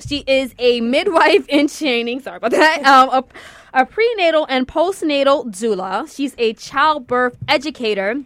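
Female radio host, high voice, teasing and lively, close dry studio mic. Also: moderate pace, no room sound. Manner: upbeat, chatty and teasing. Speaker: radio talk show host. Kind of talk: lively radio talk show. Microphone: studio microphone.

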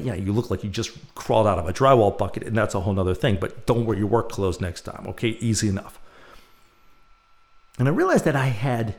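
A man's voice: lowish voice, darkish tone. A middle-aged man hosting a podcast, telling a personal story in a rambling, self-mocking way with many fillers. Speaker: podcast host.

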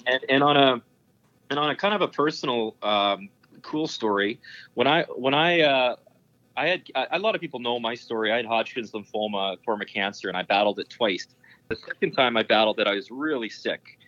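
A man's voice: mid-range voice, a little fast, bright, forceful tone, highs cut off. A man working as a sports broadcaster, telling stories in an interview in an enthusiastic, rambling way, full of fillers and restarts. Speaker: curling broadcaster. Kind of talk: casual anecdote telling in an interview.

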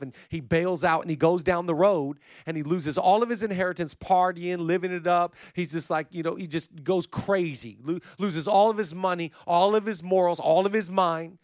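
Male pastor, high voice, dry close sound; sermon delivery that drops soft then builds to loud emphatic calls. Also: a little fast, no room sound. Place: church stage.

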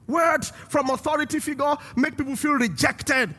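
A man preaching a sermon as pastor and host, emphatic and rising to shouts to stress his points. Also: extremely high pitch, steady tone, normal speed, few pauses.

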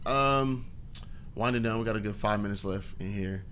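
A man's voice: lowish voice, moderate pace, fairly bright tone, a little hiss or hum. A young man hosting a casual podcast, laid-back and swearing freely, with lots of ums. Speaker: podcast host.

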